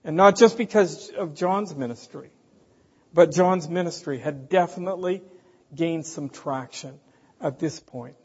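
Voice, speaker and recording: Man preaching slow and emphatic, husky voice, echoey hall, kinda muffled. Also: fairly high pitch, a little mellow. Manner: slow, emphatic, rhetorical questions. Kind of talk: sermon. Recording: dull, hall reverb, from a distance.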